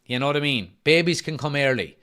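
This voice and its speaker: A man's voice: a little high, brisk, fairly bright tone, smooth. Chatty man hosting a stream. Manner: chatty, reads out viewer comments, laughs often. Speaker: football watch-along host. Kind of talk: casual live-stream chat. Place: front room at home.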